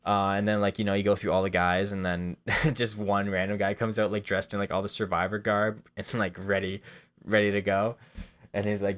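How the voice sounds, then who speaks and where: A man casually pitching comedy sketch ideas in a rambling, self-deprecating way, full of fillers. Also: fast, fairly bright tone. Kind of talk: casual monologue.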